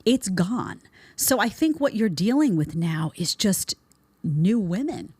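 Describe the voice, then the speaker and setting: A woman's voice: mid-range voice, very animated, slow pace, darkish tone, slightly rough, no echo. A woman host giving a blunt, sarcastic commentary monologue, mocking the people she talks about with put-on voices. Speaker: show host.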